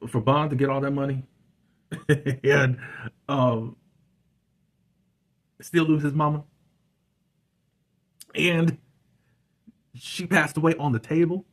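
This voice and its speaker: Husky-voiced man hosting a casual review. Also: medium pitch. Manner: chatty and conversational, with many fillers. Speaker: host reviewing a web series.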